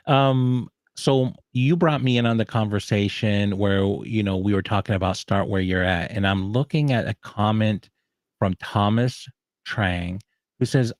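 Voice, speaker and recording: Low-voiced encouraging man. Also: dry recording. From Southern United States. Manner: encouraging, reflective, many pauses. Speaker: guest speaker. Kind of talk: casual panel chat.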